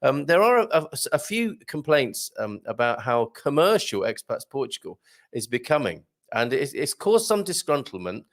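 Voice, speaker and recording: A man's voice: medium pitch, sing-song, moderate pace. A light-hearted man hosting a live chat show, reading out viewer comments and laughing often. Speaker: host.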